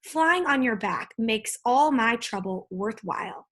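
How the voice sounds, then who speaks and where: A woman doing a cheerful young storybook boy who sounds eager and friendly. The voice sits high and a touch breathy, reading as a bright little hero on an adventure. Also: lively intonation, unhurried, heavily acted.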